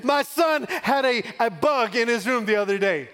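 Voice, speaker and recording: High-voiced preacher from West Texas. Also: male voice, animated, moderate pace, clear, resonant tone. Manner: call-and-response, rising to shouts. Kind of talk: sermon with personal story.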